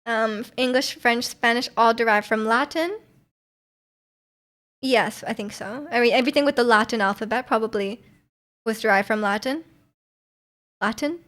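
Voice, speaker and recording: A woman's voice: a little high, normal speed, a bit bright. Giggly, chatty young woman streamer. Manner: chatty, giggly, rambling with restarts. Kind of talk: casual chat with live chat.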